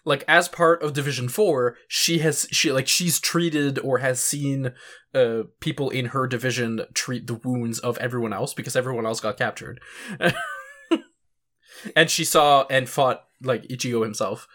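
A man's voice: mid-range voice, steady tone, moderate pace, a bit bright. A man co-hosting a casual podcast chat, rambling with lots of filler words, swearing and chuckling as he goes. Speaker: podcast co-host.

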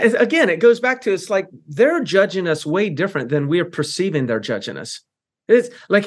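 A man's voice: on the high side, fairly bright tone. A man hosting a podcast interview who talks emphatically and explains his points with everyday examples. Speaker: podcast host. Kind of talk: casual interview conversation.

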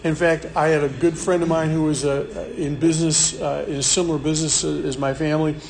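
A man's voice: fairly high pitch, little pitch movement, brisk, creaky, darkish tone. A man leading a live Bible study in a conversational way, often repeating words and restarting, with a light hiss behind. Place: room with a live group.

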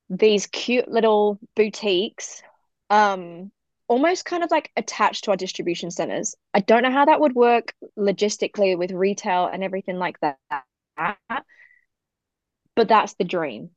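A woman's voice: medium pitch, moderate pace, no echo. Chatty British woman, dull dry sound. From United Kingdom. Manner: enthusiastic and chatty, many fillers and laughs. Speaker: podcast guest, business owner. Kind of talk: casual interview chat.

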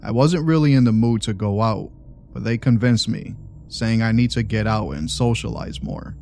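A man narrates a first-person tale with a low, dark, mellow voice. His reading stays steady and measured from line to line, with a faint hiss underneath. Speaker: horror story narrator.

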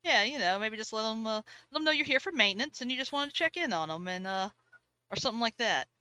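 A woman's voice: fairly high pitch, expressive, fast talker, sharp tone, dry recording. A woman playing in a tabletop game, chatty and easygoing. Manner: chatty, laughs easily. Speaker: player. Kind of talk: casual tabletop play.

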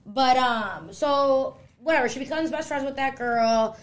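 A woman's voice: sits high, a little slow. A young adult woman hosting a podcast, telling a long story in casual chat, rambling with lots of "like" and reading out text messages. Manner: rambling, heavy use of "like", quotes texts aloud. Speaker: podcast host.

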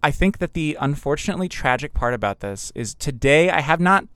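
A man's voice: a little high, lively intonation, fairly quick, fairly bright tone, clean tone, no room sound. A man telling a personal story in a casual, conversational way, with fillers and restarts.

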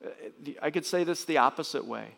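A man preaching a sermon as pastor, emphatic, often jumping into loud, high bursts. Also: fast talker, gravelly. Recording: long reverb of a large hall.

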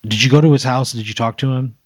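A man's voice: medium pitch, fast, no echo. A man hosting, narrating an improvised hypothetical scenario in second person, loose and rambling with fillers. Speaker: host.

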